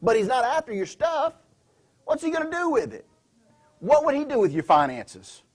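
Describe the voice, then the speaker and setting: A man preaches in a church, pressing his points and throwing questions at the congregation. His voice sits high for a man and has a husky edge. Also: sing-song, moderate pace. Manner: emphatic, asks the congregation questions. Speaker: pastor. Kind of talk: sermon. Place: church sanctuary.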